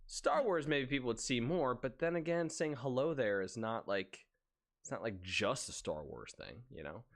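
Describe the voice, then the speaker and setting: A man co-hosting a casual podcast chat, acting out quoted phrases as he tells a story. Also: normal speed. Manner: animated, acts out quoted phrases with big pitch swings. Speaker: podcast co-host.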